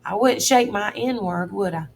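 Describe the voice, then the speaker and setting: A woman's voice: medium pitch, unhurried, vocal fry, a little hiss or hum. A woman voicing a middle-aged male con man who drawls and bosses in a threatening way. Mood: scheming.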